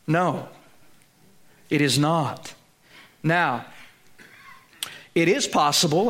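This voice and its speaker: A man's voice: high-pitched, fairly bright tone. A man preaching a sermon, teaching with emphasis and putting rhetorical questions to his listeners. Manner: slows down to stress key phrases. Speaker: pastor.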